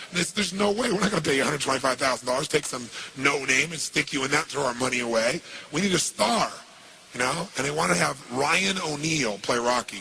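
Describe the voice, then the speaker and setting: A man speaking as a motivational speaker, telling a story in an animated way and throwing rhetorical questions at his audience. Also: fairly high pitch, gravelly, noisy background. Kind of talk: storytelling talk. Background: music.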